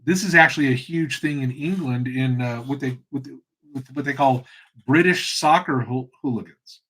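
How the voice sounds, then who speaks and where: A man's voice: medium pitch, normal speed, a bit bright, husky. A middle-aged man hosting his own channel, talking in a loose, rambling, conversational way. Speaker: channel host. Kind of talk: casual monologue.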